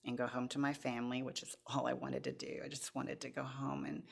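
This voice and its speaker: A woman's voice: extremely low pitch, sing-song, brisk, gravelly, husky. A woman in her forties, a podcast guest, earnestly telling her personal testimony with many restarts.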